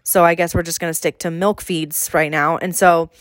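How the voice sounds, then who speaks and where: A woman's voice: lowish voice, fairly even intonation, moderate pace, dry recording, studio quality. A woman co-hosting a casual podcast chat, telling stories with exasperated asides. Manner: chatty storytelling, exasperated asides. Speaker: podcast co-host.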